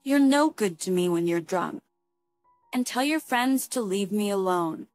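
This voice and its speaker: A woman reading the lines of a frightened but quick-witted young woman camper in a storybook tale, with a pleading, anxious tone. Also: mid-range voice, lively intonation, a little mellow, dry recording, soft background music, close to an everyday voice. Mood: coaxing.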